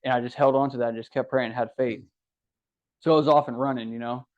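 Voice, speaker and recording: A young Ohio man, an adult guest on a podcast, keeps a quick pace in his mid-range voice as he casually tells his story. He acts out what people said with animation, captured on dull lo-fi podcast audio.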